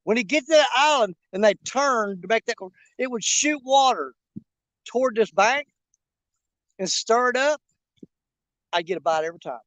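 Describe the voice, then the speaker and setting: A man with a fairly high voice rambles in a folksy way while fishing from a riverbank. The sound is close and dry, with no room echo. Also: expressive, moderate pace, pauses often, a bit bright. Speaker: fishing channel host. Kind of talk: casual vlog talk while bank fishing. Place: outdoors on a riverbank.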